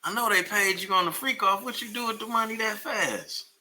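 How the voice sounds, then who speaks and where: Host riffing on clips; bright, sharp male voice, teasing slang. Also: sits high, brisk, slight background noise. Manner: joking, mocking, slangy. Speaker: commentary host. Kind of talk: reaction commentary.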